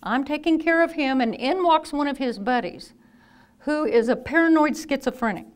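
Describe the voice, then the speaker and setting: A woman in her fifties, a nurse telling lively anecdotes in a talk and acting out the people she quotes. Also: high-pitched, normal speed. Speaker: nurse and speaker. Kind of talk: storytelling talk.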